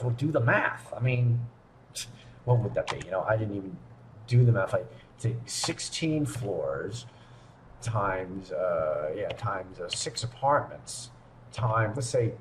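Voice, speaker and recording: A man telling a story from his apartment in a rambling, animated way, full of restarts and asides. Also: on the low side, echoey room, a little hiss or hum. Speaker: vlogger recounting lockdown. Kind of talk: casual storytelling monologue.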